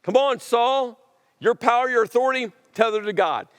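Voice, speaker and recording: A man's voice: very high voice, normal speed, a bit bright, clear, resonant tone, long reverb tail, pitched above the performer's own voice. A man voicing a stern male prophet who urgently and insistently rebukes a king. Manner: urgent, insistent, repeats the king's name.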